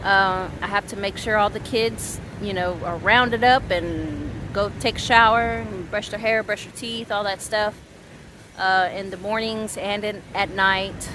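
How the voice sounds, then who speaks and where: A woman in her thirties venting on a casual vlog, rambling and halting, swearing often. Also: medium pitch, fairly even intonation, noisy background. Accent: Southern US. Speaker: vlogger.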